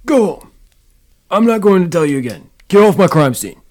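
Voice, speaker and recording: A gruff male detective snaps orders in a raised, high-pitched voice that swings wildly up and down, put on by a man reading a story. He is openly hostile and curt. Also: sing-song, normal speed, darkish tone. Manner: barking orders.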